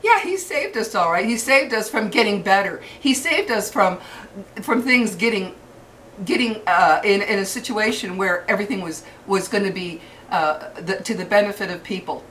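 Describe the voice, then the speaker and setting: A woman's voice: mid-range voice, lively intonation, a bit bright. Furious older woman ranting, set back from the mic. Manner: furious, cursing, halting restarts. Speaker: vlogger. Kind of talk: angry rant to camera. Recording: distant mic with faint background hiss.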